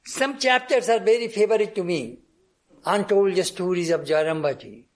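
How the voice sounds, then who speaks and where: A high-voiced man gives a devotional talk, telling anecdotes and acting out little exchanges between the people in them. He restarts his sentences often and keeps breaking off to cough. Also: normal speed. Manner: anecdotal, acts out dialogue, frequent restarts. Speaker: spiritual speaker.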